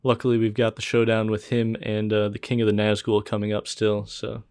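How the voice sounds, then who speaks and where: A man co-hosting a casual podcast, recapping a film in a laid-back, even-toned way. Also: on the low side, brisk, clean tone, no echo. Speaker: podcast co-host.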